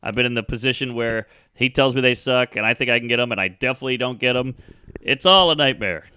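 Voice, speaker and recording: Man comic guest, crude and lively, sharp bright voice, dry sound. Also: mid-range voice, smooth, dry recording. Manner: fast, crude, animated punchlines. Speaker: comedian guest. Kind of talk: casual chat.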